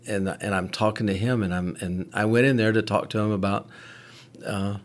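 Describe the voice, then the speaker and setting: A man's voice: on the low side, fairly even intonation, normal speed. A man, a medic and podcast host, telling a candid story in casual conversation with frequent swearing.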